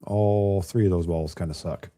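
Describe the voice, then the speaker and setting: A raspy, hoarse man with a lowish voice calls a pool match from a quiet room at home. His tone is dark and mellow, and he keeps chatting and joking with the viewers between shots. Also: fairly even intonation, normal speed. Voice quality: raspy from a chest cold. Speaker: remote pool commentator. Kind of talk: casual live commentary.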